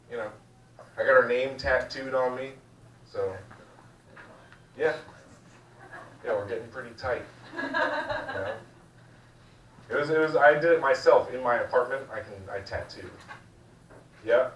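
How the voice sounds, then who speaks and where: A man's voice: mid-range voice, a bit bright, echoey room, far from the mic, a little hiss or hum, low-quality recording. A young man doing a rambling, crude, self-mocking stand-up set. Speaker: stand-up comedian. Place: small comedy room.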